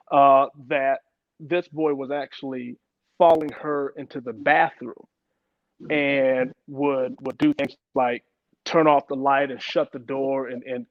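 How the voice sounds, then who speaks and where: A young man giving a personal account in an interview, halting, with many restarts and repeated words. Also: mid-range voice, no echo. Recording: dull lo-fi sound, dry.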